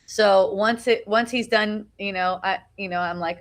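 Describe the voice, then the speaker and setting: A woman's voice: mid-range voice, fairly even intonation, a little slow, hardly any pauses. A middle-aged woman giving an informal spiritual talk to a small group outdoors at a beach. She talks conversationally, often asks "right?", restarts her sentences and swears casually. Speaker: spiritual teacher. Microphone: phone live video.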